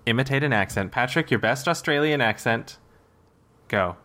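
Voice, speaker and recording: A man with a bright, forceful voice trades playful banter as a podcast co-host. He laughs easily, steers the talk and corrects small details. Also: medium pitch, lively intonation, moderate pace. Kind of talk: casual chat.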